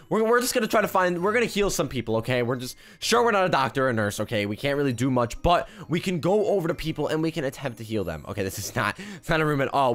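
A man's voice: mid-range voice, fairly bright tone. A young man joking and rambling through casual gameplay commentary, with frequent restarts. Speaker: gaming YouTuber.

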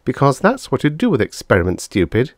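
Bossy know-it-all kid, as a guy puts him on, a bit higher than normal, blunt and offhand. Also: huge pitch swings, a little fast, no room sound, studio quality. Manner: blunt and dismissive. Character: bossy, know-it-all young boy scientist.

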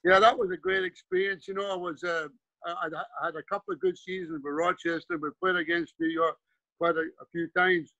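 A Scottish man in his seventies, once a player and coach, tells rambling anecdotes in a casual interview, often restarting and saying "you know." His voice is a little high, brisk, bright, and forceful, with vocal fry. The recording has no echo, but the highs are cut off.

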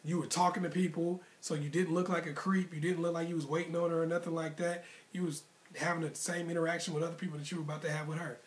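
Slightly high-voiced man giving dating advice. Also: flat delivery, quick pace, hardly any pauses. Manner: emphatic, repetitive, motivational; casual slangy phrasing. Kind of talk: direct-to-camera advice monologue.

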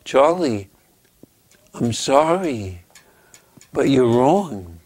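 A man voicing a kind, loving female grade-school teacher in a soft, slow, gentle way while telling a riddle. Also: medium pitch, big pitch swings, creaky, heavily acted.

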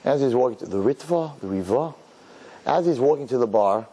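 Animated man telling a sermon story. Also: mid-range voice, brisk, husky. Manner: animated storyteller acting out characters, Yiddish and Hebrew words. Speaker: rabbi.

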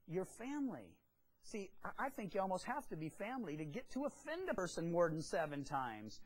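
A woman preaching a sermon to a congregation, speaking at a middle pitch. She tells the scripture as a story, acting out each character's lines with big swings in tone. Between the scenes she drops in casual, humorous asides. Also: low-quality recording. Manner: lively storytelling, acting out the dialogue of biblical figures. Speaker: Bible teacher.

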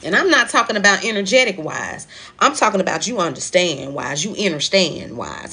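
A woman's voice: lowish voice, expressive, brisk, pushed and bright, a little hiss or hum. Emphatic woman giving a spiritual reading. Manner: emphatic, repetitive, preachy with African American Vernacular phrasing. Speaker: spiritual card reader on a live stream. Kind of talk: live stream tarot-style reading.

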